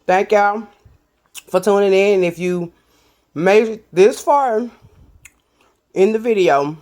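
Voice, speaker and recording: A woman's voice: mid-range voice, slow pace, darkish tone. A woman, chatting casually to viewers while she builds and tastes a burger in a cooking vlog. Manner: chatty, addresses viewers as y'all. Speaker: cooking vlogger.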